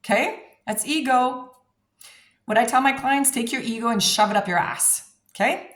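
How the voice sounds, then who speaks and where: A woman coaching viewers on manifestation in a casual, blunt, animated way, swearing freely. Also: fairly high pitch, moderate pace, echoey room. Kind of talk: casual advice talk to camera.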